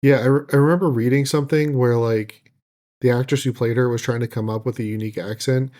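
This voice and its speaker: Man podcast co-host, casual chat, filler-heavy, mid-pitched. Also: fairly even intonation, fast talker, a little mellow. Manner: loose, hedging talk full of like.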